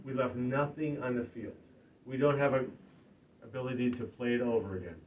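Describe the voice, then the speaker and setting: A man delivering an emphatic campaign stump speech, moving between loud rallying lines and quiet, earnest stretches. He sounds far from the mic, on a dull, lo-fi recording. A faint room ambience hums behind him. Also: medium pitch, fairly even intonation, brisk, a little hiss or hum. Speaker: political candidate. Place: party office meeting room.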